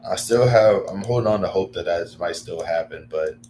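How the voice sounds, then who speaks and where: Low-voiced male streamer, loose rambling chat full of fillers and sudden excited bursts, faint background noise. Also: normal speed. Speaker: livestreamer. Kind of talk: casual livestream chat.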